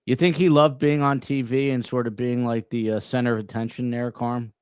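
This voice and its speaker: A man hosting a podcast in casual chat, talking in halting, rambling bursts with many restarts. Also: mid-range voice, steady tone, a little mellow, clear, resonant tone, dry recording, studio quality. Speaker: podcast host.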